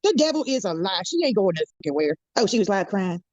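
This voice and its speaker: A woman's voice: mid-range voice, big pitch swings, fast talker, darkish tone, no room sound, dull audio. A woman drama commentator delivering a blunt, profane, scornful rant on a live stream.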